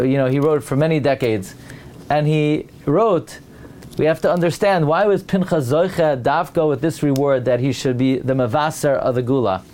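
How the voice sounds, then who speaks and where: A rabbi teaches a Torah class, sprinkling in many Hebrew and Aramaic terms. He's animated, and his pitch rises as he builds toward each point.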